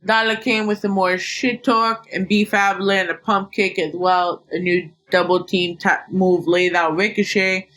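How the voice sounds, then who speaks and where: Bright-voiced blunt woman host. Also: mid-range voice, level tone. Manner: blunt, swears, quick recap. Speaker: podcast host. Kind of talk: casual podcast chat.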